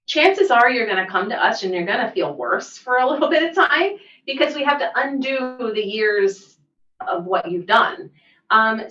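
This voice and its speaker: A middle-aged woman, a massage therapist and podcast co-host, telling stories in lively casual chat. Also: medium pitch. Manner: animated storyteller, laughs easily. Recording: roomy, distant, dull mic sound.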